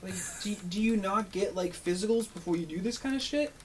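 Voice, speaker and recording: A man co-hosting a podcast in casual chat, with a husky voice, reacting with exclamations and swearing. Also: high voice, fairly quick, distant mic, slight background noise. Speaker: podcast co-host.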